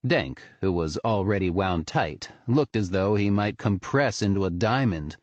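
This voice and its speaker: A man narrating an audiobook in an expressive, storytelling manner. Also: low-pitched, unhurried, few pauses, no echo, highs cut off. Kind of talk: scripted narration.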